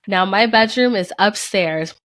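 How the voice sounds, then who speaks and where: A young adult woman co-hosting a podcast, telling a personal story in casual chat with lively, profane energy. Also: mid-range voice, a little slow. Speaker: podcast co-host.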